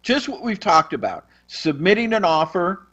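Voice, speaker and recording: A male radio co-host with a higher voice talks to his listeners in a wry, teasing manner. The sound is dull, like a lo-fi broadcast. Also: very animated, moderate pace, a bit bright. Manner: wry, speaks to listeners, mocks experts. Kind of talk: casual radio talk banter.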